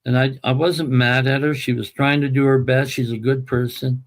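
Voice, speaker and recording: A man's voice: medium pitch, level tone, normal speed. A man telling a personal family story as an interview guest, emphatic and emotional.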